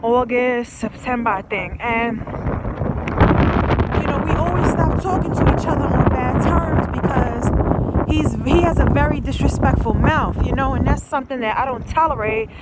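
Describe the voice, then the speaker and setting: A woman's voice: sits high, normal speed, very noisy. A woman vlogger telling a storytime rant in a blunt, profane, emphatic way.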